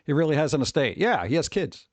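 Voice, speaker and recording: A man's voice: on the high side, big pitch swings, quick pace, dry recording. A tired man chatting casually on a livestream, rambling and sarcastic, reading chat messages aloud.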